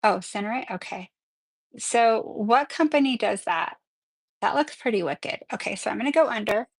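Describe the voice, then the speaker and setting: Excitable woman with vocal fry. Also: a little high, normal speed, no echo. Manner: chatty, excitable, often apologizing. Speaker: nail artist hosting a live tutorial. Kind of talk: casual live-stream tutorial.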